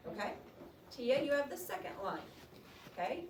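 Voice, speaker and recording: Lady teacher reading a poem to her class, pretty high voice, echoey room, mic kinda far off. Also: normal speed. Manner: expressive reader, coaxing questions to students. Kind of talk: classroom poetry reading and discussion. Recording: roomy classroom sound from a distant mic with noise.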